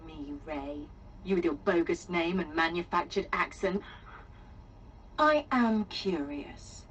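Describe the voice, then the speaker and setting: A woman's voice: on the low side, recorded from a distance, slight background noise, lightly acted, low-quality recording. An actress playing a sly woman who mocks and needles her rival with theatrical sarcasm. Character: mocking, sly woman radio host.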